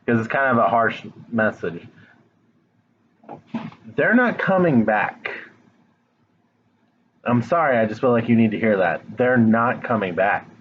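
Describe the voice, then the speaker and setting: A man's voice: on the low side, a little fast, few pauses, phone-quality sound, slight background noise. A man giving a casual tarot reading straight to the viewer, blunt and frank, swearing now and then. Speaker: tarot reader. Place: home, dog nearby.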